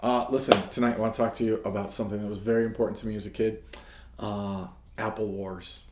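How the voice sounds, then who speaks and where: A man's voice: on the low side, level tone, very fast, a little mellow, slight background noise. A man hosting a ministry talk show, telling a childhood story in a casual devotional way and often checking in with "right?". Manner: storytelling, keeps asking "right?". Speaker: ministry host. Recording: echoey room.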